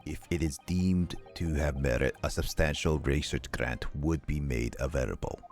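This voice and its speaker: A man voicing a stern, haughty male prosecutor in a slow, deep, solemn tone. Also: darkish tone, faint music behind. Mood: accusing.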